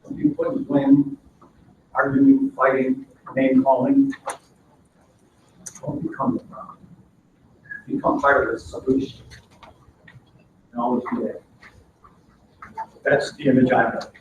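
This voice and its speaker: A man's voice: mid-range voice, a little slow, pauses often, lo-fi sound, a little hiss or hum. A man leading a live training seminar, talking animatedly and acting out workplace exchanges. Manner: animated, acts out workplace dialogues. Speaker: workshop trainer. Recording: echoey room, mic far off.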